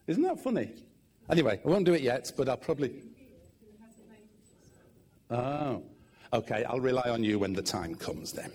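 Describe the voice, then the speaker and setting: Animated, husky preacher. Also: male voice, medium pitch. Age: middle-aged. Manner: animated, humorous storytelling. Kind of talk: sermon. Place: church.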